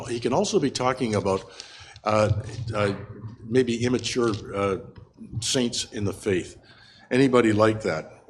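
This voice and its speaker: An older man with a fairly low voice teaches a Bible passage in an unscripted sermon. He's earnest but halting, full of fillers and restarts, with faint ambient noise in the background.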